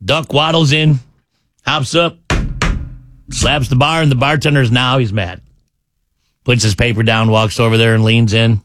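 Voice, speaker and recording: A male morning radio host in casual banter, telling a joke with lively swings of pitch for the characters. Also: moderate pace, pauses often, no room sound, studio quality. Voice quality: animated storyteller, swings pitch for the joke's characters. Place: radio studio.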